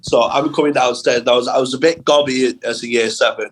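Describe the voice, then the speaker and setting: Young English man, comedian guest, sweary, animated storytelling, laughing often. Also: mid-range voice, fairly quick, a little hiss or hum, low-quality recording. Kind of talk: casual storytelling chat.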